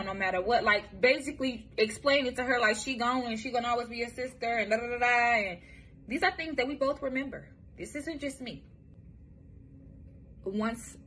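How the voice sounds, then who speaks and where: A young woman from Michigan, USA, tells her own life story to the camera, bluntly and with plenty of profanity, often stopping and starting over. Her mid-range voice is bright and forceful, with a little hiss or hum in the recording.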